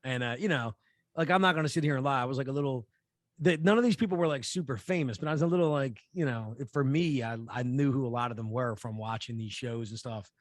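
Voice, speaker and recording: A man's voice: mid-range voice, fast, no echo. A man co-hosting a podcast, telling a story in casual chat, rambling with lots of fillers, restarts and swearing. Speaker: podcast co-host.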